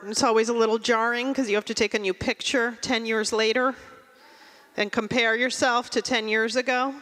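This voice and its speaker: Brief: dry, deadpan stand-up woman, bright voice, long reverb of a live venue. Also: fairly high pitch. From Russia. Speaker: stand-up comedian. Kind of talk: stand-up comedy set.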